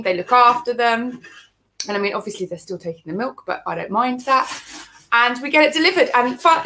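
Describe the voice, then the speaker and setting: A woman's voice: a little high, a bit bright, reverberant, a little hiss or hum. Chatty woman in a kitchen. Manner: chatty, giggly, rambling asides. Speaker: cooking show co-host. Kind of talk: casual kitchen chat. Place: home kitchen.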